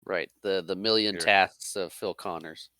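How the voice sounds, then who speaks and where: A man's voice: low voice, steady tone, measured pace, pushed and bright, no echo. A man co-hosting a podcast who laughs often and chimes in with movie trivia. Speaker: podcast co-host. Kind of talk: casual movie chat.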